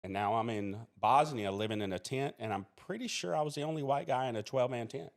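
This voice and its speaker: A man's voice: mid-range voice, fast. A man in his forties from Mississippi, a podcast guest who speaks earnestly and plainly, often restarting his sentences. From Mississippi, USA. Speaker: podcast guest, criminology professor and police officer. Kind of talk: interview storytelling.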